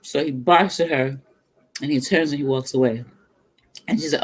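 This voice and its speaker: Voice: medium pitch, animated, unhurried, pauses often, slightly rough. A middle-aged cooking vlogger chatting casually between bites, telling stories and laughing often. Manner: talks between bites, murmurs over food. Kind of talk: casual chat while eating on a livestream.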